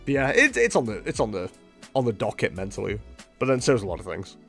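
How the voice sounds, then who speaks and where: Chatty, lively-voiced male streamer. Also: mid-range voice, fast, creaky, soft background music. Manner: chatty, rambling, self-mocking. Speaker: streamer playing a card game. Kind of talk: casual live-stream commentary. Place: at home.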